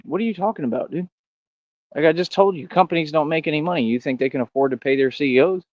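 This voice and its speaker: A man's voice: a little high, fast talker, muffled recording. A man ranting to his chat on a livestream, boastful and confrontational, who keeps calling people bro.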